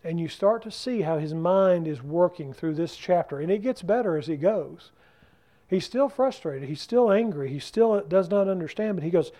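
A man leads a Bible study, his voice pitched high but dark and mellow in tone. He talks in a loose, conversational way and keeps putting questions to his listeners. The setting is a church class room. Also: expressive, normal speed. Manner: keeps asking the group questions.

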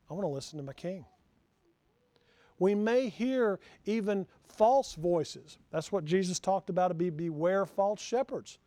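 Man, pastor, sermon, high voice, mellow tone, earnest questions. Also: no echo. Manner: earnest, asks the congregation questions.

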